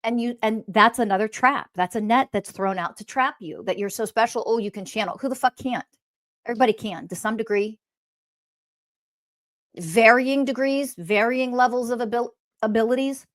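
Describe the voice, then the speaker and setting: A woman's voice: fairly high pitch, normal speed. Blunt, profane woman teacher. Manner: mocks others in quoted voices. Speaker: spiritual teacher. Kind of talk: monologue.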